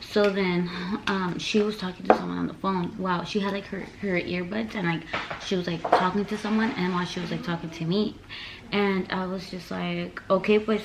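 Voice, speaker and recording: Chatty young woman with a gravelly edge. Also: fairly low pitch, fairly even intonation, normal speed, heavy background noise. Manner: rambling, filler-heavy, mixes English and Spanish. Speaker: vlogger. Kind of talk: casual storytime.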